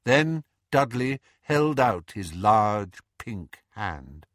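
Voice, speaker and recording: A man narrating a storybook in a theatrical, highly expressive reading. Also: very slow, dry recording, clean studio sound. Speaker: audiobook narrator.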